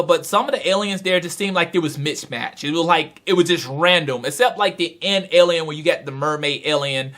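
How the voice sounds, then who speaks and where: Brief: a male reviewer with a high voice, retelling a chapter like a storyteller. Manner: animated storytelling, excitable. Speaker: manga reviewer. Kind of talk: dramatic recap and review.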